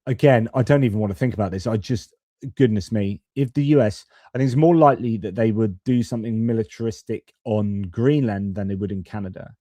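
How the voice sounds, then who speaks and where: Male stream host, lowish and mellow, rambling and opinionated, dry close mic. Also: a little fast, no room sound. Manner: rambling, self-correcting, opinionated. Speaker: host of a live-stream geopolitics channel. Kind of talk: live-stream commentary reading viewer comments.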